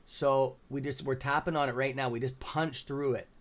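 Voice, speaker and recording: A man's voice: mid-range voice, steady tone, moderate pace. A tired man with a Canadian accent hosting a live stock-trading stream, rambling with many fillers as he reads out chat names. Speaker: livestream stock trading host. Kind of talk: casual live-stream commentary.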